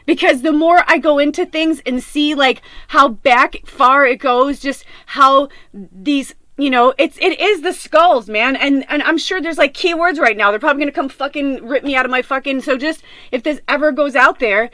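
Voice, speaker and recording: A woman's voice: sits high, normal speed, sharp tone, dry recording. A middle-aged woman hosting a podcast, talking in a raw, rambling, emotional monologue, tearful and often swearing. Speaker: podcast host.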